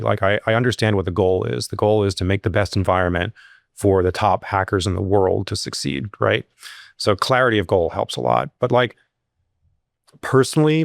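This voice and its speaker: Man, low voice, casual storytelling, lively jumps in pitch, dry close mic. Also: vocal fry, no room sound. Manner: animated, rises sharply when acting out quotes; filler-heavy, restarts. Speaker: security company CEO, guest.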